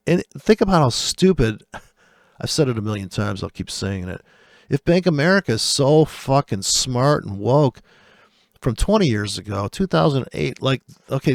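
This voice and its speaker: A man's voice: medium pitch, vocal fry, dry recording, clean studio sound. A trader ranting over live charts, profane and sarcastic as he mocks other traders.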